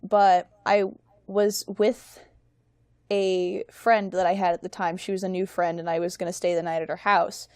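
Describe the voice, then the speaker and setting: A woman's voice: on the low side, flat delivery, a little mellow, no echo. A young adult woman telling a personal story on a casual podcast, rambling and mocking herself. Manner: rambling and self-mocking, quick laughs. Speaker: guest.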